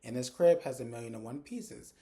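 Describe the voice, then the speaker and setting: A man's voice: medium pitch, a little fast, dark tone. A man recapping a TV episode for his viewers, acting out the characters' lines and talking straight to his audience. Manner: chatty, addresses viewers directly. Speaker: TV recap reviewer.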